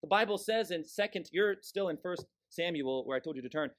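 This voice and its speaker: A man preaching a sermon from the pulpit, forceful and emphatic, scornful toward those he condemns. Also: on the high side, animated, a little fast. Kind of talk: fiery sermon.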